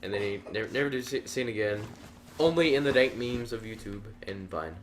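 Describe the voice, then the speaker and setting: A man's voice: lowish voice, lively intonation, a little fast, slight background noise. A young man telling an absurd made-up story in a casual comedy chat, rambling and giggling as he goes. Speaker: co-host.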